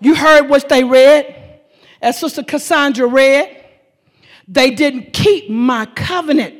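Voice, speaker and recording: A woman preacher delivering a sermon, shouting and repeating lines for emphasis. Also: high-pitched, takes it slowly, big-room sound.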